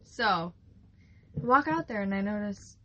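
A young woman co-hosting a podcast, telling a farm story in a rambling, casual way with lots of fillers and quick laughs. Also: medium pitch, lively intonation. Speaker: podcast co-host, flower farmer.

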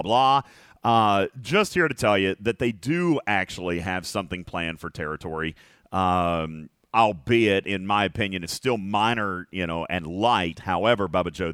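A man's voice: deep voice, fairly bright tone, dry recording, studio quality. A middle-aged man hosting a casual podcast chat, talkative, laughing often, stretching out words for emphasis. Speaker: podcast host.

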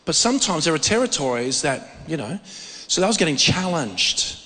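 A man preaching a sermon, telling stories with animated energy and frequent restarts. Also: on the high side, normal speed. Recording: long reverb of a hall.

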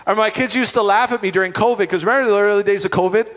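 A middle-aged man preaching as a pastor, conversational and animated, telling stories with asides to the congregation. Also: high voice, racing. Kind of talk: sermon. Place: church hall. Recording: long reverb of a church hall.

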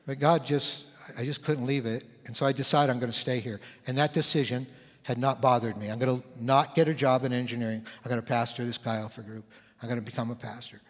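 A man in his sixties, a pastor, telling a personal story in a sermon, conversational and animated, acting out what people said. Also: mid-range voice. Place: church sanctuary. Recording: long church hall reverb.

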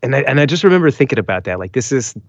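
A man's voice: medium pitch, very animated, racing, gravelly, no echo. A man chatting casually on a podcast, loose and blunt, with lots of fillers. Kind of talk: casual chat. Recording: dry, dull lo-fi sound.

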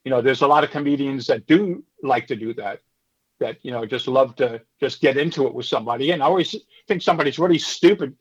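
A husky, mid-range male voice talks fast on a muffled recording. He's a former comedian in his fifties, casually telling stories in an interview with plenty of animation, acting out the people in them and doing the hecklers in character voices.

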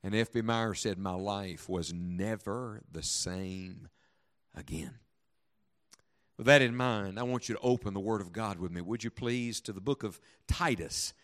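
A male pastor preaching a sermon to his congregation in a church, telling a story dramatically and reading scripture slowly with heavy emphasis. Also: lowish voice. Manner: dramatic storytelling with big swings from hushed to loud. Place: church sanctuary before a congregation.

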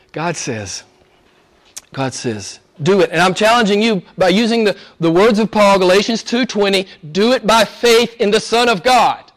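A man preaching a sermon, rising to loud, high emphatic peaks and dropping to hushed near-whispers, with rhetorical questions and repetition. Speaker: pastor.

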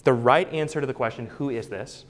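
A man preaching from the pulpit in a mid-range voice. He speaks earnestly and stresses his points with rhetorical questions, keeping a steady teaching tone. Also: mid-range voice, brisk. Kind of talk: sermon.

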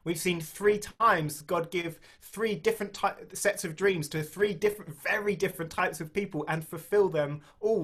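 A man delivers a sermon in a relaxed, conversational way, with a few restarts as he thinks aloud. His voice sits a little higher than most men's. When he reads scripture he slows down and leans on the key phrases. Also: slightly rough. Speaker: preacher.

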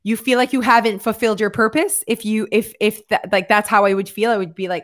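A woman's voice: mid-range voice, fairly even intonation, a little fast, hardly any pauses, a bit bright. A woman in her thirties talking casually as a podcast co-host, chatty and rambling, restarting her sentences often. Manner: chatty, many restarts and fillers like "like". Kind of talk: casual chat.

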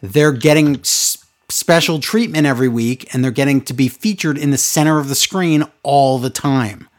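A man's voice: mid-range voice, normal speed. A man co-hosting a casual podcast chat, ranting with sarcastic exasperation. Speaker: podcast co-host recapping wrestling.

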